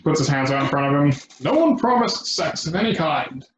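A man running a tabletop game as game master, narrating in a relaxed way with frequent pauses and ums. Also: a little high, a loud crowd. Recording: echoey, dull lo-fi room.

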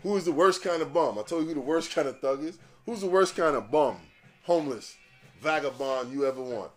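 A man hosting a podcast, ranting casually in profane, animated street slang. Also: on the high side, fairly quick, faint music behind. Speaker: podcast host. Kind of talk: casual rant.

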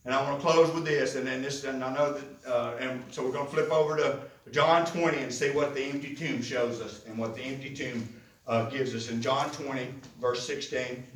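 Impassioned preacher in an echoey room. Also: male voice, medium pitch, fairly even intonation, normal speed, a bit bright, distant mic, a little hiss or hum. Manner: preaching with rising, impassioned emphasis and repetition. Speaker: pastor. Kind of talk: sermon.

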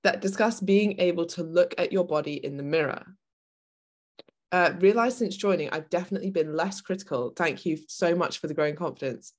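A woman's voice: on the low side, brisk. A British woman co-hosting a podcast, reading listener comments aloud in a casual, slightly hesitant way. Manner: easygoing, hesitant with fillers, self-deprecating.

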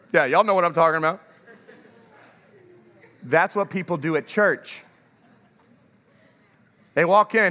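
A male pastor giving an energetic sermon in a large church, drawing the congregation to answer back. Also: a little high, unhurried, pauses often, long reverb tail. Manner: energetic, calls for congregation response.

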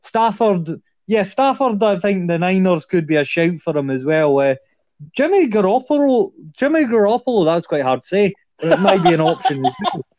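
A man's voice: on the high side, moderate pace, a little mellow, dry recording. A man speaking as a guest on a casual sports podcast, giving his opinions in a conversational way. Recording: dull, dry lo-fi audio.

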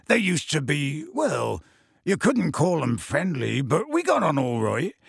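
Casting: a man doing a gruff, secretive giant of a gamekeeper, clipped and colloquial, fairly high voice, dry recording. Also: wildly swooping pitch, a little slow, no room sound, full character voice.

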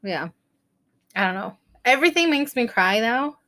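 A woman in her thirties co-hosting a podcast, chatting casually, joking at her own expense, laughing often and acting out quotes in high squealing voices. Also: animated, normal speed, sharp tone. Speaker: podcast co-host. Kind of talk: casual chat.

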